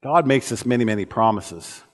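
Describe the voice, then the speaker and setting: A man delivers a sermon from the pulpit of a church auditorium, his voice sitting at an ordinary middle pitch. He tells stories in an earnest way and often restarts his phrases. The sound carries a long, lingering reverb from the church hall. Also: animated, normal speed. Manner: earnest storytelling with frequent restarts. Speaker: preacher.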